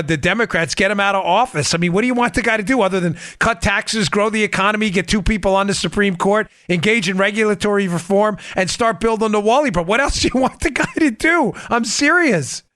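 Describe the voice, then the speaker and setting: A man hosting a political talk podcast, ranting in an animated, mocking way with quick asides. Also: high-pitched, no room sound, studio quality. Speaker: podcast host. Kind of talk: political talk show monologue.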